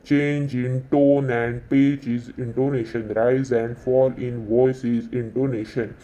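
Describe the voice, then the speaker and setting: A man giving a slow exam-revision lesson, repeating each definition several times. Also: medium pitch, level tone, dark tone. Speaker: teacher.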